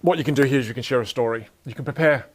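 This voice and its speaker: Young male speaker, energetic and joking, teaching communication to a live audience. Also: mid-range voice, very fast. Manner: energetic, playful, jokes with the audience. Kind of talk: live motivational talk to an audience.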